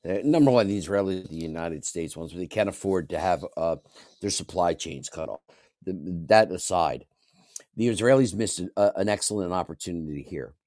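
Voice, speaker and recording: A man arguing his view on a panel discussion, forceful and halting, with frequent restarts. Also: low voice, no echo, clean studio sound. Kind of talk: opinionated panel debate.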